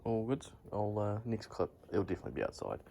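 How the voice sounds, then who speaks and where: A man's voice: lowish voice, very animated, quick pace, vocal fry, dark tone, slight background noise. A young man chatting casually while filming on his phone in a garage, rambling and swearing often as he talks. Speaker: vlogger. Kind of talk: casual vlog chat. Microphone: phone held while filming.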